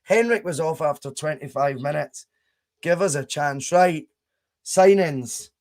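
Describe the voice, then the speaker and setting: A man's voice: fairly high pitch, measured pace. A young Scottish man hosting a casual live stream, chatting, laughing and reading out viewer comments as he plays. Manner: chatty, laughs often, reads chat aloud. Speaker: podcast host streaming a game.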